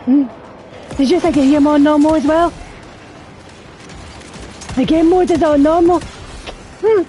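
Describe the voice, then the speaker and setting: Swearing woman gaming streamer, mellow voice. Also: high-pitched, slow, slight background noise, poor audio. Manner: swears a lot, startled exclamations. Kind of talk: casual gameplay commentary.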